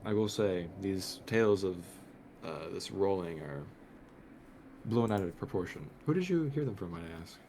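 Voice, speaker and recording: A man playing in a tabletop game, speaking in a calm, measured way. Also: low-pitched, slight background noise. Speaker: player.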